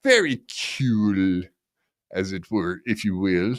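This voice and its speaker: A man's voice: low-pitched, expressive, takes it slowly, dry recording, clean studio sound. A man hosting a podcast in casual chat, delivering profane, mocking rants. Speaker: podcast host.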